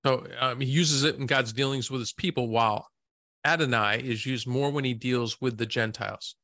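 A man's voice: mid-range voice, normal speed, bright, forceful tone, no echo, clean studio sound. A man co-hosting a podcast, reading from his notes and asking prompting questions in a casual Bible discussion. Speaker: podcast co-host.

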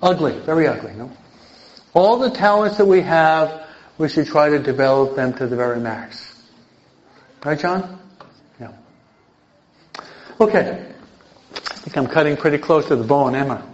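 Emphatic older priest, lo-fi recording. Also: male voice, fairly high pitch, expressive, unhurried, long pauses. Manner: emphatic, keeps checking in with listeners. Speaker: priest teaching an adult catechism class. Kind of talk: lively sermon-style teaching to a live audience. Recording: dull lo-fi recording.

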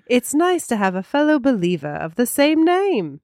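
A woman's voice: fairly high pitch, very animated, moderate pace, darkish tone, no room sound, studio quality, pitched above the performer's own voice. A woman putting on a gushing posh British lady's voice with an exaggerated, sing-song delivery. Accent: put-on posh British.

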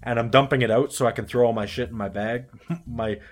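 A young adult man telling a story in casual podcast chat, animated and swearing, acting out the quotes. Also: medium pitch, brisk. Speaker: podcast co-host.

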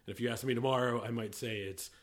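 A middle-aged man co-hosting a casual chat, rambling and often breaking off mid-sentence, quick to laugh. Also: mid-range voice, fairly even intonation. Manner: rambling, self-interrupting, laughs easily. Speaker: podcast co-host, whiskey industry veteran.

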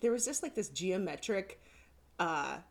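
A woman's voice: medium pitch, lively intonation, unhurried, vocal fry. A young woman co-hosting a casual chat, joking, giggling a lot and swearing freely. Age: young adult. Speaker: podcast co-host.

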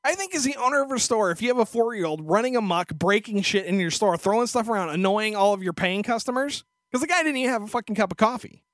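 A man's voice: sits high, lively intonation, fast, hardly any pauses, a bit bright, no echo. A male podcast host telling a story in a crude, profane, sarcastic rant into a studio microphone. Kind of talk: casual ranting storytelling.

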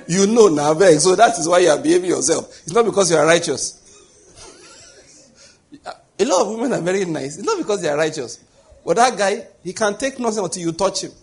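A man's voice: high voice, expressive, fairly quick, a little hiss or hum. A man preaching a conversational sermon as a pastor, full of rhetorical questions.

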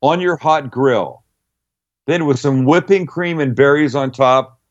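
A brash, profane middle-aged man talks through recipes in a loose, storytelling radio chat. His voice sits at an ordinary pitch, and the recording is slightly dull and lo-fi. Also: a little slow. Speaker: cooking show guest.

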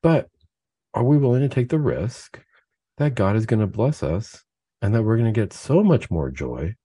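Deep-voiced man in earnest reflection. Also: sing-song, normal speed, warm tone, husky, no echo. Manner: earnest, conversational, with fillers and rhetorical questions. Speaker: host of a Catholic talk show. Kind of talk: spoken reflection, casual preaching.

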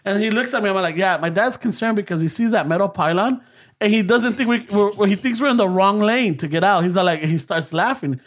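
A man's voice: high voice, brisk. A man telling a story in casual, profane chat, mixing English and Spanish.

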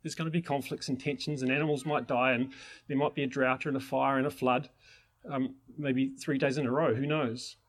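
A man's voice: medium pitch, flat delivery, brisk. A man teaching permaculture in an enthusiastic, rambling way, with many restarts. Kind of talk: informal teaching talk.

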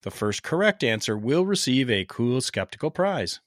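A man's voice: mid-range voice, sing-song, moderate pace, no room sound, studio quality. A man hosting a medical podcast, talking in an upbeat, jokey way. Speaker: podcast host. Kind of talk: casual podcast chat.

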